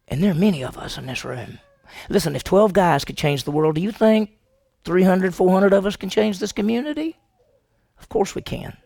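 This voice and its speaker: A man preaching a sermon to his congregation, animated and asking the room questions. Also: high-pitched, a little fast, creaky, no echo. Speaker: pastor. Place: church sanctuary.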